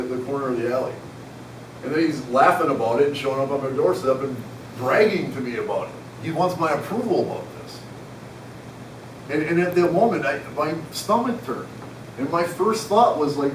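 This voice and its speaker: A man's voice: on the high side, a little hiss or hum. Frank man telling his story in an echoey hall. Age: 40s. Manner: frank, conversational, self-deprecating. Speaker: conference speaker. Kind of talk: candid personal storytelling to an audience. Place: conference hall. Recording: echoey hall, mic at a distance.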